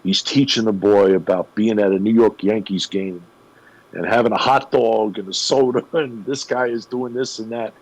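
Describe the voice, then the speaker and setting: A man, a guest on a radio show, retelling a story in an animated way with emphatic pauses. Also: lowish voice, rough recording. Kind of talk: conversational storytelling.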